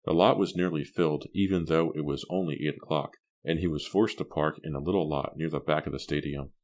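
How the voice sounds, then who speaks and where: A male audiobook narrator reading in a steady, measured way. His voice is extremely low and deep. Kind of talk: scripted narration.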